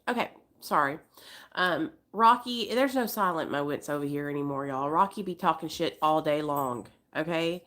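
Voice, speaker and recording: A woman's voice: low-pitched, normal speed, a bit bright. Blunt, profane woman in her forties. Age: 40s. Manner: blunt and profane, talking straight to viewers; breaks off to coax her dogs in a sing-song voice. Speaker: livestream host. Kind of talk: casual live-stream commentary.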